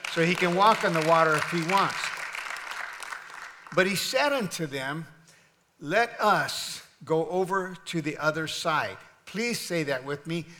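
A pastor delivers a sermon with call-and-response, his bright, forceful voice sitting slightly above typical male pitch. He pushes questions out loud and high, then drops almost to a hush on the weighty lines. Long reverb from a large church sanctuary fills the recording.

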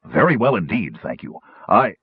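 A man voicing a polite, fussy male gnome craftsman in a hushed voice. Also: lowish voice, big pitch swings, normal speed, breathy edge, no echo, phone-quality sound. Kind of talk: audiobook character voice.

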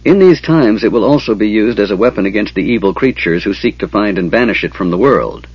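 A man voicing a wise, ancient female unicorn who speaks in a measured, stately way, on a dull, dry recording. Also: on the low side, animated, husky, no echo. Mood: sad.

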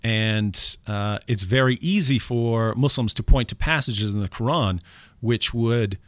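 A man's voice: mid-range voice, a little slow, no echo. A man speaking on a call-in radio talk show, recites quotations in a raised tone. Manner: quotes scripture in a raised, recited tone. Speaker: guest speaker.

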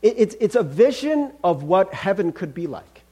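A man's voice: high-pitched, sing-song, normal speed, dark tone. A male pastor preaching a conversational sermon, calling listeners friends.

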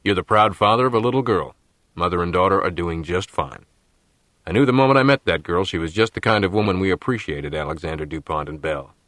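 Brief: male narrator playing a formal, commanding law partner, deep and dry. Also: a little fast, fairly bright tone, no room sound. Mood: pleased. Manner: formal, authoritative.

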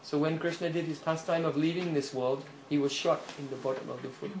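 A faint hiss and echoing room frame a male preacher whose voice is fairly high for a man. He tells his sermon stories animatedly, laughing lightly and pausing often to ask "hmm?" of his listeners.

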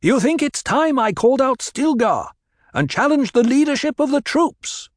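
A man doing Paul, a young leader declaiming high and loud. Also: expressive, takes it slowly, no room sound, clean studio sound. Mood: commanding. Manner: declaiming loudly to a crowd. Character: commanding young male desert leader.

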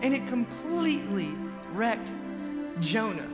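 A male pastor preaching a sermon with passion, swinging between hushed earnest lines and loud, pleading ones. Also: very high-pitched, big pitch swings, slow pace, long reverb tail, music in the background. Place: church sanctuary.

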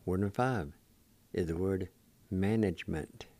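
Slow, patient male radio language teacher. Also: low-pitched, mellow, no echo. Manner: patient, spells words out letter by letter and syllable by syllable; encouraging toward learners. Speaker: radio host teaching Cherokee words.

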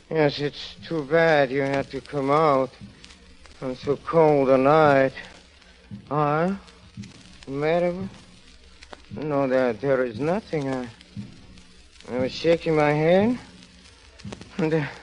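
An actor playing a guilt-crazed murderer in a 1940s radio drama, stammering, giggling nervously and pleading with the police. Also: male voice, fairly high pitch, low-quality recording. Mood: brittle. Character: guilt-crazed middle-aged man, nervous, unravelling murderer. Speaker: guest actor.

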